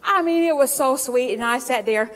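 A woman preaching in a church, telling homespun stories and drawing out scripture verses slowly. Her voice sits slightly high and laughs come easily. The sound hangs in a long reverb. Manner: folksy storytelling, laughing often, drawn-out scripture reading. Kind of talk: sermon.

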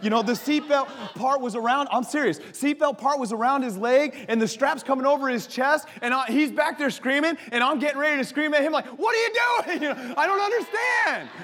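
A male pastor preaching a sermon, telling stories with laughter and dropping to a soft voice for prayers. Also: extremely high pitch. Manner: animated storytelling preacher, laughs often, drops to soft prayer voice. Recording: long hall reverb with faint music.

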